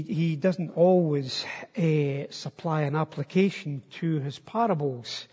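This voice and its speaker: An older man preaching a sermon, earnest and measured, often restarting his words. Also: fairly high pitch, a little mellow, husky. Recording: dull long reverb of a church hall.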